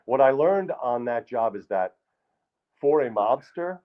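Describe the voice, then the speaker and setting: Male stand-up storyteller, rambling with deadpan asides, live on stage, slightly muffled sound. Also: medium pitch, measured pace. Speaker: comedian and actor. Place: live stage in a small hall.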